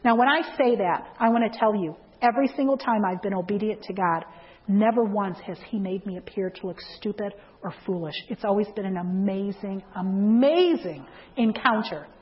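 A woman's voice: medium pitch, normal speed. A woman giving a sermon with a personal testimony, asking the audience questions and acting out the dialogue in her stories. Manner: lively storyteller who acts out the dialogue in her stories; asks the audience questions to keep them involved. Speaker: church speaker. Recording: dull lo-fi recording.

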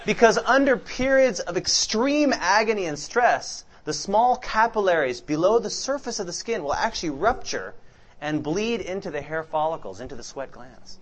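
Lively preacher quizzing his congregation. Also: high voice, normal speed. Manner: questions the congregation and fills in the answers. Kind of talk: interactive sermon.

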